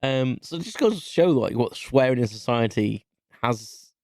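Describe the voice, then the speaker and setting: A British man around forty talks alone on his podcast in a candid, rambling flow, spinning a personal anecdote. His voice sits at an ordinary mid pitch. The recording is dry and close, with no room sound. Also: animated, moderate pace, darkish tone, no echo. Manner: rambling, chatty storyteller. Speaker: podcast host. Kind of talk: candid solo podcast monologue.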